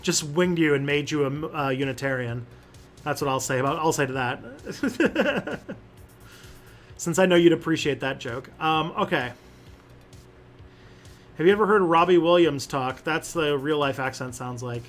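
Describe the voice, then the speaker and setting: A man's voice: a little high, moderate pace, long pauses, faint music behind. A man hosting a casual livestream and answering chat questions, rambling with lots of fillers and restarts.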